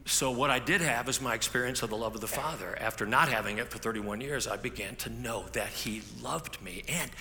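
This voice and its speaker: A pastor preaches a sermon, telling stories conversationally and restarting often, in a mid-range, pushed, bright voice at a fairly quick pace with few pauses. The echoey hall carries faint ambience and slight background noise.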